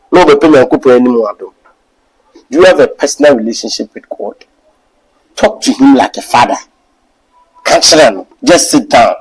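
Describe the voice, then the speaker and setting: Young Ghanaian male preacher, animated sermon delivery with a wide, lively pitch range. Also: poor audio. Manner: animated, swings from loud exhortation to low asides. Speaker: Bible class preacher. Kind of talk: sermon mixing English and Twi.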